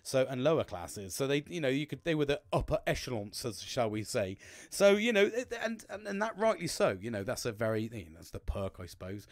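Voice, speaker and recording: A man's voice: a little fast, no room sound, studio quality. A middle-aged man hosting a podcast, rambling and swearing in a casual monologue. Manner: rambling, swears a lot, animated swings in pitch. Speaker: podcast host.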